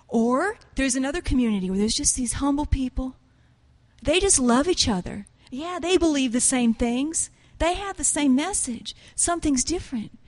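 Woman, preacher, fairly high pitch, tearful, earnest, hushed to loud. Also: expressive, a little fast. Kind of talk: emotional sermon storytelling.

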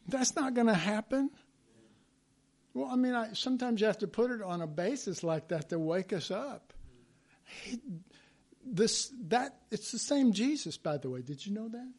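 A man's voice: high-pitched, expressive, moderate pace, darkish tone. A man preaching a sermon in a conversational way, acting out biblical quotes as he goes.

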